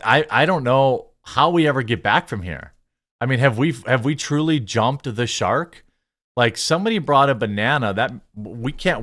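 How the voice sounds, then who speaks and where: A man hosts a reaction commentary, sarcastic and mocking in tone. His pitch swings up and down, and he often stammers and restarts mid-sentence. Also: fairly bright tone. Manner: sarcastic and mocking, bursts of laughter. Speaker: commentary show host.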